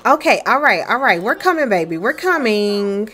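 A woman's voice: a little high, big pitch swings, normal speed, sharp tone, a little hiss or hum. A woman casually commenting on her life-sim game, chatty and playful, talking to her characters. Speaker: let's play streamer.

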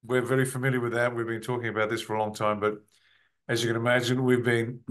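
A man's voice: medium pitch, fairly even intonation, brisk. A male host interviewing a guest over a video call, speaking hesitantly with repeated words and affirming remarks.

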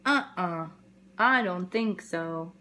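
A woman voicing a clumsy, good-natured young puppy in a picture book read-aloud, with a slow, drawn-out delivery. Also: on the low side, expressive, background noise. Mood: playful.

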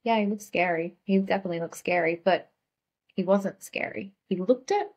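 A woman's voice: mid-range voice, normal speed, a little mellow, breathy edge. A young adult woman, a guest on a talk show, telling stories in casual chat with lots of "like" fillers. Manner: chatty, heavy use of "like" fillers. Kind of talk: casual conversational storytelling.

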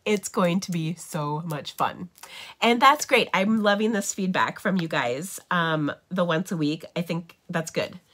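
A woman's voice: lowish voice, measured pace, a bit bright. A middle-aged woman hosting a papercraft livestream, chatting casually and enthusiastically with lots of fillers, sounding a bit nasal from feeling unwell.

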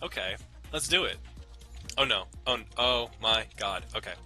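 A man's voice: lowish voice, animated, moderate pace, sharp tone. A young man casually commenting on his gameplay in a rambling, jokey way, swearing often. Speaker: let's play host. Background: faint game music.

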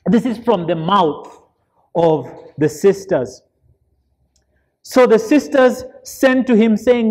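Male deacon, church Bible study; slow, deliberate delivery, emphatic, draws answers from the congregation. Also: high voice, a little mellow. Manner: asks the listeners fill-in questions; earnest, emphatic preaching.

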